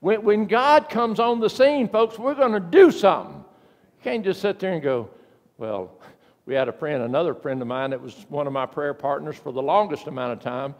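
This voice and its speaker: An older male pastor delivering a sermon in a church, telling folksy stories and breaking into sudden loud, emphatic bursts. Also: a little high, lively intonation, a little fast, in a large hall. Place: church sanctuary.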